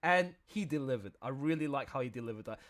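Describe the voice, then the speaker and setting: A man directing an audio drama, chatting excitedly on a livestream about his show and acting out lines in playful voices. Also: mid-range voice, fast, a little hiss or hum. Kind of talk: casual livestream commentary.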